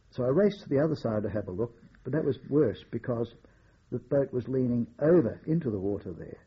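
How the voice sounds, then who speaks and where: An older man, a war veteran, recalling his memories in a measured oral-history style with occasional wry chuckles. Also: mid-range voice, slightly rough, highs cut off.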